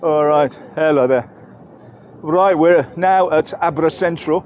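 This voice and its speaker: A man's voice: a little high, slow, a little mellow, highs cut off. An English man giving a chatty, rambling walking-tour commentary outdoors in busy market streets, correcting himself as he goes. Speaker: travel vlogger.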